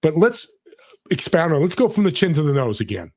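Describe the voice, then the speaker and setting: A man's voice: fairly high pitch, sing-song, fairly quick, darkish tone. A middle-aged man, a podcast guest, telling a personal story in an earnest, motivational way. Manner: earnest, motivational, acts out quoted people. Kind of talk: conversational storytelling.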